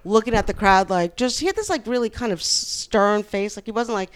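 A woman's voice: medium pitch, a little fast, clean tone. A woman guest on a podcast, telling a long personal story in casual chat and acting out the other people in it. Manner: animated, acts out the people in her story.

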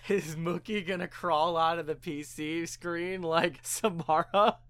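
A woman's voice: on the low side, fairly even intonation, unhurried. A woman co-hosting a podcast, chiming in casually with wry jokes and comments. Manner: wry, chimes in with jokes and sound effects. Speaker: podcast co-host. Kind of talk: casual chat.

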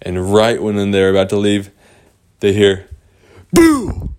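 A man improvising a bedtime story for a child, talking slowly with restarts and repeated words. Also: fairly low pitch, little pitch movement, a little mellow, clear, resonant tone. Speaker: parent telling a bedtime story.

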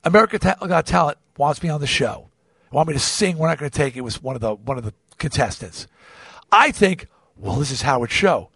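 A man hosting a podcast, telling a personal story in an animated way, often restarting and repeating words. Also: on the high side, brisk, gravelly, slightly rough, no room sound. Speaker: podcast host. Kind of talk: confessional storytelling.

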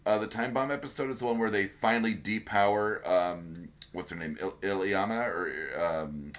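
A man's voice: low voice, normal speed, a bit bright. A man co-hosting a casual podcast chat, rambling with lots of fillers and restarts. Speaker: podcast co-host.

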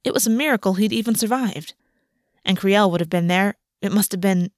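Audiobook narrator, female, steady and even, dry close-miked sound. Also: mid-range voice, no room sound. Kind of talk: scripted narration.

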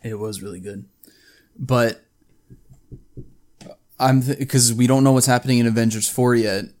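A man's voice: medium pitch, fairly even intonation, moderate pace, a little mellow. A Canadian man co-hosting a casual podcast, laid-back and prone to casual swearing. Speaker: podcast co-host. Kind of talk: casual chat.

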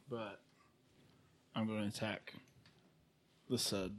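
A man's voice: mid-range voice, lively intonation, measured pace, bright, forceful tone. A man playing a tabletop game, playful and joking as he describes his attacks. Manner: playful, jokey. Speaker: player. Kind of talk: casual tabletop game play.

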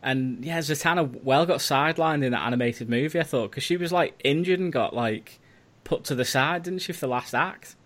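A man from Wales co-hosting a podcast in casual chat, chatty and quick to laugh. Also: a little high, a bit bright. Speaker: podcast co-host.

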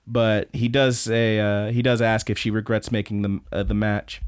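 A man co-hosting a podcast, casually recapping events in an excited play-by-play with some swearing. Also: fairly low pitch, normal speed, clear, resonant tone, dry recording, studio quality. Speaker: podcast co-host.

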